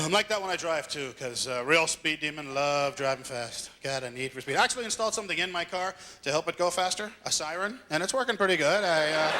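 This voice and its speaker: A man's voice: a little high, bright, forceful tone, slight background noise. A man doing a stand-up set on a club stage, ranting impatiently and acting out exasperated people. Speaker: stand-up comedian. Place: comedy club stage before a live audience. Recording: live stage recording with crowd laughter.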